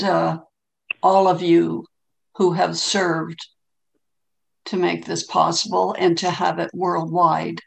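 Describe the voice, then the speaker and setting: Woman, emotional meeting share, halting and gravelly, slow. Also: lowish voice. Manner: halting, many ums, tearful. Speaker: meeting participant sharing. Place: home, on a video call. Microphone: video call.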